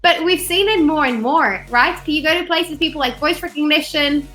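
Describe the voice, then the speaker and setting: A woman's voice: high-pitched, normal speed, soft background music. A woman hosting a webinar over a video call, talking casually and animatedly, often acting out what people said. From not from Australia; studied there. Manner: animated, chatty, acts out quotes. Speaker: webinar host.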